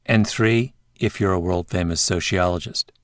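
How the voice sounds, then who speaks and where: A male podcast host narrating a scripted story in a measured way, with interview clips in between. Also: sits low.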